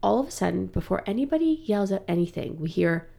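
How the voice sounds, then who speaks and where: Gravelly-voiced woman telling lively stories. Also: mid-range voice, quick pace. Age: 30s. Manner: animated storyteller, laughs often. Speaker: guest, improv actor. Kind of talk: casual chat.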